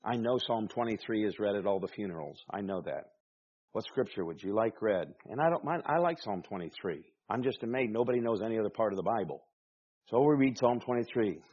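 A man's voice: lowish voice, animated, quick pace, a little mellow, breathy edge, muffled recording. A man with a Southern American accent preaching a sermon, folksy, with rhetorical questions and humorous asides. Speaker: pastor.

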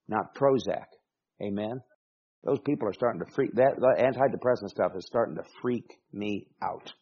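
A man preaching a sermon as pastor, emphatic, dropping soft and then rising to loud exclamations. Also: on the low side, husky. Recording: dull lo-fi recording.

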